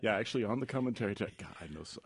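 A man with a very low voice talks in unhurried, casual chat, stopping and restarting his sentences. He chuckles between thoughts. The recording is dry and close. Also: animated, husky, dry recording. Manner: halting, restarts, drawling, chuckling. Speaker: guest film buff.

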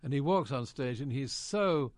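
A man's voice: mid-range voice, animated, moderate pace, dry recording, clean studio sound. An older British man, an actor, genially telling anecdotes in an interview and acting out quoted lines. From Britain. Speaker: actor guest.

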